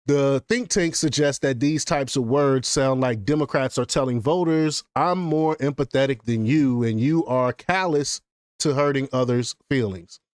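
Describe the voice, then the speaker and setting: A male commentary host reads news quotes and adds his own laughing remarks. His voice sits at a medium pitch, and the recording is dry with no room echo. He stumbles and repeats words now and then. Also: unhurried.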